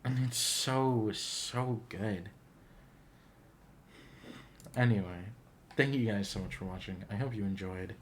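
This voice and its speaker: A man's voice: on the low side, slow pace, pauses often, slight background noise. A man hosting a casual reaction video, talking in an earnest, heartfelt, gushing way. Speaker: YouTube reaction host.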